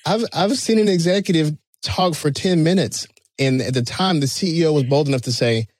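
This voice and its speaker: A man hosting a marketing podcast, chatty and quick to laugh. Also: a little high, darkish tone, no echo. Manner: chatty, laughs at his own jokes. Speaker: podcast host. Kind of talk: casual podcast interview.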